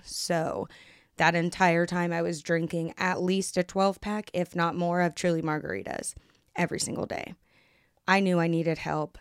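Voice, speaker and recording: A young Kansas woman with an American accent hosts a podcast, telling her personal story in a casual, brisk monologue. Her delivery is frank and blunt, full of swearing, and she performs what others said. The low, smooth voice is recorded dry on a close mic.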